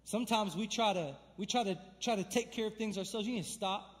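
A young man preaches in a church with a high, bright voice, his words ringing through a long hall reverb. He talks casually and then builds to fervent, emphatic calls. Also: fairly quick. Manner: energetic, conversational preaching with emphatic build-ups. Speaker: pastor. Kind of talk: sermon. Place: church sanctuary.

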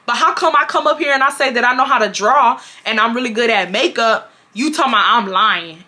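Bright animated young woman telling a story. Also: a little high, brisk, few pauses. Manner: animated, profane, exasperated retelling. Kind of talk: casual storytime chat.

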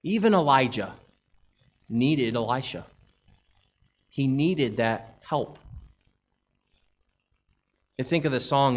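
A man preaching a sermon in church, pressing his listeners with question after question. His voice sits at an ordinary middle pitch, and he moves between scripture readings and direct appeals. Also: lively intonation, slow pace, long pauses. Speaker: pastor.

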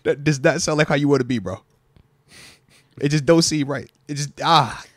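A man in his thirties hosting a podcast in loose casual chat, animated and full of slang. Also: fairly high pitch, moderate pace, dry recording, studio quality. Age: 30s. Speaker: podcast host.

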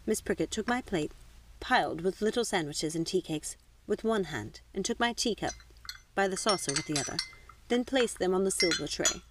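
A woman narrating a novel aloud in a measured, expressive reading. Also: on the low side, dry recording. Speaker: audiobook reader. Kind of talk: storybook narration.

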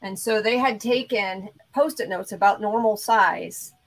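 Relaxed woman chatting, mid pitch. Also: measured pace, low-quality recording. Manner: relaxed, many ums and ands. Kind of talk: casual chat.

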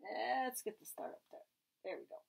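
A woman leading a church story time, gently asking small children questions and reading picture books aloud. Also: on the high side, moderate pace, creaky, slightly rough. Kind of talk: picture-book read-aloud for toddlers.

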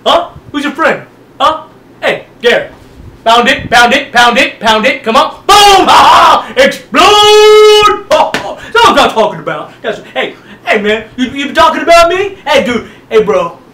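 Man playing a rowdy jock bro, yelling, high and bouncy, echoey room. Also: animated, measured pace, a little hiss or hum, full character voice. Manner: brash bro talk, shouting and laughing. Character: dim, loud jock older brother who never grew up. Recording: echoey room, far mic, guitar music.

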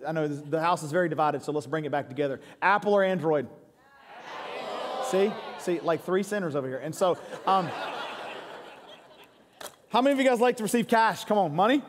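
A man's voice: fairly high pitch, noisy background. A man preaching a sermon, a pastor who tells comic stories and keeps quizzing his congregation. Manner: joking, crowd-engaging storytelling. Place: church sanctuary. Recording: long hall reverb.

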